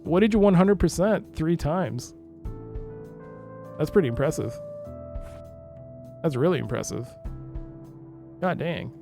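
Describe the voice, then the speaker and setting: A streamer giving live gameplay commentary, exasperated, shouting and laughing at the game. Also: mid-range voice, measured pace, long pauses, music in the background.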